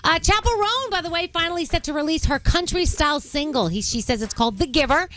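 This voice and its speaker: A woman on a radio morning show giving a bubbly, quick rundown of entertainment news from the studio. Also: sits high, expressive, fairly bright tone.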